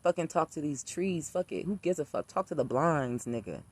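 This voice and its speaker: Here a spiritual practitioner rants about spirits to the camera, swearing bluntly and repeating himself quickly to drive points home. The casual tirade comes in an expressive, husky, fairly high-pitched male voice.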